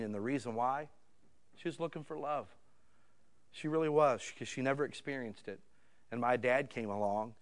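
This medium-pitched American man is a middle-aged pastor recounting a personal story during a sermon. He talks conversationally, moving between quiet asides and loud, heated passages.

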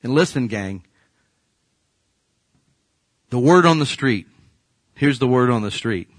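A male pastor preaching a sermon, telling Bible stories in an animated way that swings from hushed to loud. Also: mid-range voice, slow pace, no room sound.

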